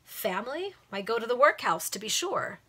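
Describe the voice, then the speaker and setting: A woman's voice: on the high side, big pitch swings, moderate pace, pushed and bright, slightly rough, heavily acted. A woman voicing a pompous, overbearing male police inspector who gives curt commands. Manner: curt, commanding, self-important.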